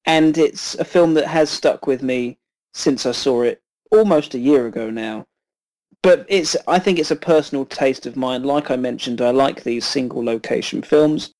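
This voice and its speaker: A man co-hosting a film podcast, reviewing in a measured, hesitant way with frequent ums. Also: medium pitch, a little mellow, low-quality recording.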